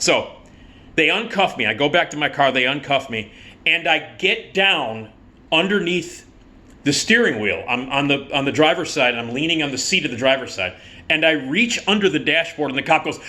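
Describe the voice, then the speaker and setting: Animated, bright-voiced man telling a story. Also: a little high, brisk. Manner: animated, acts out the cop and himself in quoted voices; swears freely. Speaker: vlogger telling a personal story. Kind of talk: casual storytelling monologue.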